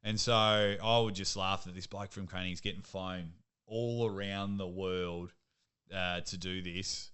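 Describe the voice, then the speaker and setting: A young Australian man, a sports commentator, chatting casually as a podcast guest and telling lively stories. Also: deep voice, a little slow, clean tone. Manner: lively storyteller, laughs at himself. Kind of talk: casual interview chat.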